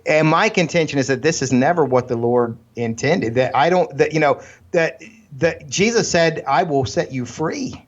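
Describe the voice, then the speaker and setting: A man's voice: a little high, moderate pace. A man co-hosting a casual religious podcast, earnest and fond of long anecdotes full of "you know". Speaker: podcast co-host. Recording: slightly dull, lo-fi sound.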